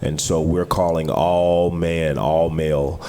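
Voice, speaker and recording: A man speaking as a city councilman, making community announcements at a council meeting in a halting way with many pauses. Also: rumbling low, steady tone, warm tone.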